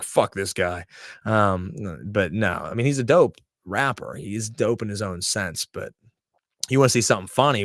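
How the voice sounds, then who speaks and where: A man's voice: low voice, a bit bright, no room sound, studio quality. A man hosting a podcast in casual live-stream chat, talking in a blunt, rambling, profane way. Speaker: podcast host.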